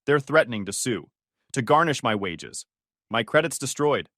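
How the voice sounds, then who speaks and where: A man's voice: medium pitch, animated, normal speed, a bit bright, dry recording, clean studio sound, lightly acted. Desperate pleading young woman, read by a man. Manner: pleading, tearful.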